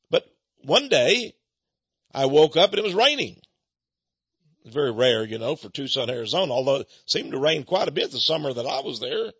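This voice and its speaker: Animated husky older man ranting. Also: medium pitch, moderate pace, no echo, lo-fi sound. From United States. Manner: animated, folksy, indignant. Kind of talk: folksy monologue rant.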